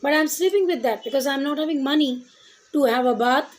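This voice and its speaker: High-voiced Bengali-accented woman teacher. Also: quick pace, slight background noise. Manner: reads poem lines then explains them, mixing in Bengali. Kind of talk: literature lesson explanation.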